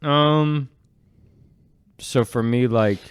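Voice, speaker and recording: A young man chatting casually as a podcast co-host, laid-back and halting, with lots of fillers. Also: mid-range voice, clean tone, dry recording, clean studio sound. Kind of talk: casual chat.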